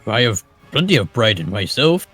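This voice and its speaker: A man's voice: lowish voice, sing-song, normal speed, a bit bright, husky, soft background music, full character voice. A man playing a proud, blunt male ogre captain in a tabletop game, answering in plain, simple words.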